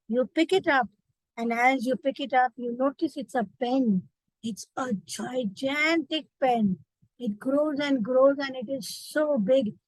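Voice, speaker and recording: A woman's voice: high-pitched, a little mellow, no echo, rough recording. A woman with an Indian accent, a memory trainer, guiding listeners through a vivid imagined story. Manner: vivid storytelling, direct address. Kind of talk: guided visualization lesson.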